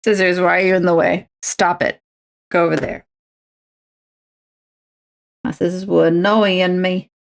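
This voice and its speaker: A woman's voice: on the low side, little pitch movement, unhurried, gravelly, pauses often. A woman, chatting and rambling to herself and her viewers while she crafts on a stream. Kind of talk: casual chat while crafting.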